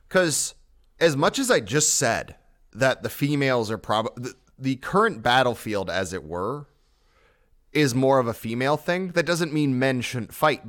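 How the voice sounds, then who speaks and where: Lecturing male podcast host, lively pitch. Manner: lecturing, declarative pronouncements. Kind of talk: casual opinionated chat.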